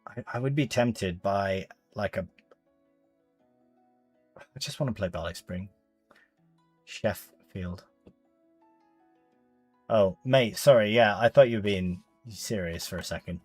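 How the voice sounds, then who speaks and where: A man's voice: fairly low pitch, slow pace, pauses often, darkish tone, dry recording, faint music behind. A man, live-streaming a farming game and chatting casually with viewers as he plays. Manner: chatty, reads chat aloud, British slang.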